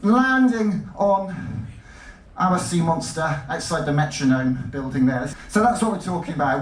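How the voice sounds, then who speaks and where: Excitable male speaker, fairly high voice, stage talk, roomy distant sound. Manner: animated, jumpy, self-interrupting. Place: lecture hall. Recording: roomy hall, mic at a distance.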